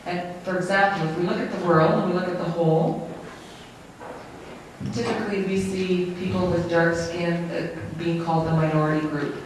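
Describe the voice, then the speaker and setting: An interpreter voicing a lecture live, in a halting, self-correcting way. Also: mid-range voice, fairly even intonation. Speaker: sign language interpreter. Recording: very echoey room, distant mic, faint noise.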